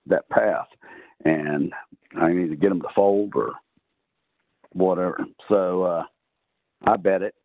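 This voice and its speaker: Speaking slowly in a low, steady tone with long pauses, a man with a Texan accent recounts a lengthy poker tale as a podcast guest, rambling and filling gaps with uhs and ums. The sound is dry, echo-free, and tinny like a phone call.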